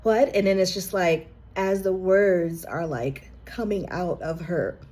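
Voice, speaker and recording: A woman's voice: lowish voice, unhurried, a little mellow. A woman giving an earnest, heartfelt collective reading that speaks straight to the listener, at times moved close to tears. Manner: emotional, near tears at times. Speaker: intuitive card reader. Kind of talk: collective reading addressed to the viewer.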